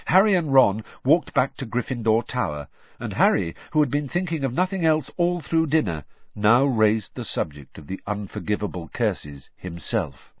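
A man narrating a story audiobook in an expressive reading that switches between characters. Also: lowish voice, normal speed, husky, no room sound, highs cut off. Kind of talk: scripted narration.

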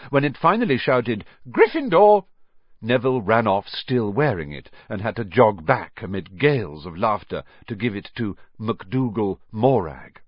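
A man reading a children's novel aloud as an audiobook, telling the story in an animated way and voicing the characters. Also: lowish voice, moderate pace, hardly any pauses, no echo. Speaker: narrator. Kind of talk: audiobook narration. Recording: dull lo-fi dry recording.

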